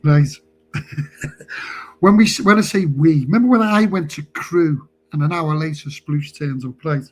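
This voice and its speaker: A man's voice: a little high, normal speed, low-quality recording. A man telling a rambling story on a live stream, chatty and laughing as he goes.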